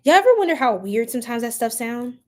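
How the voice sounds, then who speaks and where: A woman's voice: fairly high pitch, animated, quick pace. Playful laughing woman on a live stream. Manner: playful, laughs often, chats with the chat, exclaims loudly. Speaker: tarot reader streaming live. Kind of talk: casual live-stream chat with viewers.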